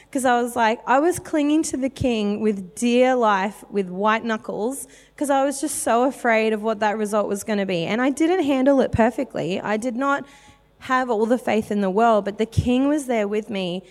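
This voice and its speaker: Chatty woman preaching in a reverberant hall. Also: on the high side. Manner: candid and chatty, many fillers. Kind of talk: personal testimony sermon.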